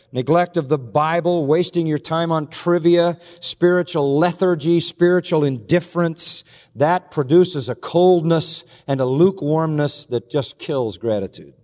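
A man preaching a sermon with earnest, emphatic delivery. His voice sits a bit high for a man, and he lays out his points in slow, deliberate lists. The sound carries a long reverb, as from a large hall. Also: a little mellow. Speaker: pastor.

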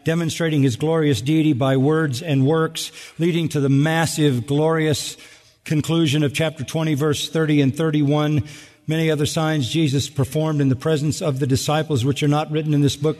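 Pastor guy preaching, kinda high voice, swoops up big when he acts out lines, long echo from a big church hall. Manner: animated, acts out voices with big pitch jumps and sarcasm. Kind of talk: sermon.

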